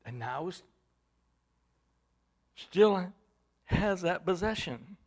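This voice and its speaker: Slow, high-voiced male preacher. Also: animated. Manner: slow, emphatic scripture teaching with rising bursts of volume. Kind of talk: sermon.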